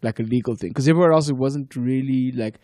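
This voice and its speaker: A man's voice: mid-range voice, fast talker, no room sound, studio quality. South African man in casual podcast chat. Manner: relaxed storyteller, profane, laughs often. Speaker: podcast guest.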